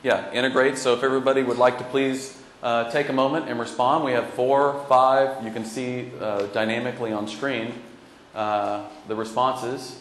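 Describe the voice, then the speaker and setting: A man's voice: medium pitch, little pitch movement, normal speed, slight background noise. A man with a Texan accent giving a conference presentation in a folksy, joking way, with many fillers. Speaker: law school technology director. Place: conference session room. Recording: echoey conference room.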